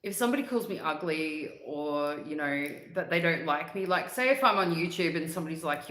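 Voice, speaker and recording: A woman hosts a casual livestream and chats with viewers in an upbeat, easygoing way. She laughs often and breaks into hummed snippets of songs. Her voice sits on the low side, and the room around her is echoey. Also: lively intonation, a little fast, hardly any pauses, fairly bright tone. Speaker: livestream host. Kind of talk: casual livestream chat reading comments.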